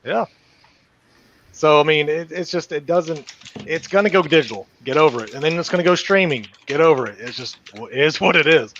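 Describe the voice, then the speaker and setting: A man's voice: a little high, normal speed, a bit bright, dull audio, a little hiss or hum. A man co-hosting a casual gaming chat show, emphatic and slangy, often repeating himself. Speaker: podcast co-host.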